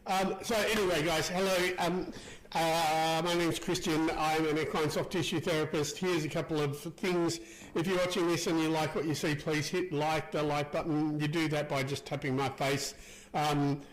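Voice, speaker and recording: A man hosts a casual live stream, chatting and greeting viewers by name, laughing easily. His voice sits a little high. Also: poor audio. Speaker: livestream host, equine soft tissue therapist.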